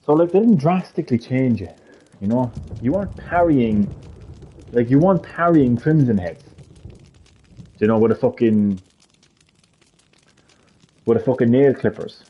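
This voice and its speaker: A man's voice: medium pitch, lively intonation, a little slow, long pauses, dull audio, a little hiss or hum. A man live streaming a heated gaming rant, swearing a lot and repeating his points with emphasis.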